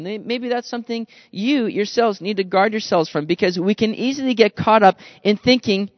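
A man with a high voice preaches a lively, conversational sermon and keeps slipping into the grumbling voices of the people in his story. He talks straight to his listeners and calls them guys. The recording is dry and a little dull. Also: normal speed, no echo, big-room sound. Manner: animated, acts out quoted grumbling voices. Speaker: pastor. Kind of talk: expository sermon.

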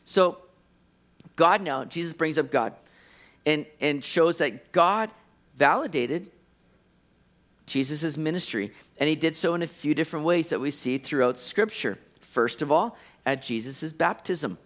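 A man with a high voice preaches a sermon. He talks in an animated way and acts out the people he quotes. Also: a little slow. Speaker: pastor.

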